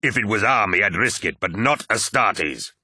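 A man doing a gruff male commander barking short orders, deep and forceful, in a dry audiobook read. He sounds impatient and blunt, with no give in him. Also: lively intonation, moderate pace, no room sound, heavily acted.

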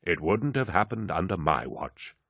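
A man's voice: low-pitched, very animated, a little slow, a bit bright, dry recording, exaggerated voice. A man voicing a blunt, sardonic male captain with a dry delivery.

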